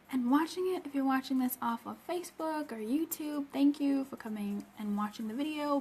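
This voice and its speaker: A woman's voice: high voice, slight background noise. A woman coach hosting a live stream, chatting upbeat with viewers and greeting them by name between points. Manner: upbeat, greets viewers mid-sentence, bursts of excitement. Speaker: personal development coach hosting a livestream.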